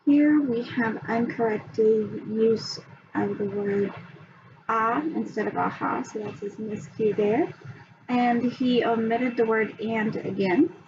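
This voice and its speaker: A woman presenting a reading assessment, talking slowly with many pauses and ums. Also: fairly high pitch, fairly even intonation. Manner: slow, hesitant, many ums. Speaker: student presenter. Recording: dull lo-fi sound, faint background hum.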